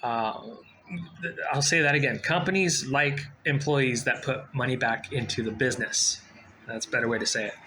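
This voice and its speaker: Bright-voiced man in his forties giving rambling advice. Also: medium pitch, moderate pace, slight background noise, low-quality recording. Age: 40s. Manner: rambling, repeats himself, frequent fillers and restarts. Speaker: vlogger giving job advice. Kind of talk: casual advice talk to camera.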